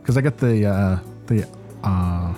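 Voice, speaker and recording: A man's voice: lowish voice, unhurried, warm tone, faint music behind. A man co-hosting a casual podcast chat, laid-back and rambling. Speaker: podcast co-host.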